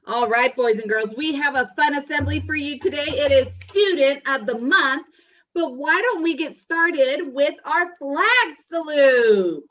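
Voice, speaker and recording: A woman's voice: high-pitched, animated, unhurried, fairly bright tone, muffled recording. A woman hosting a school assembly, playful and teasing, with sing-song greetings.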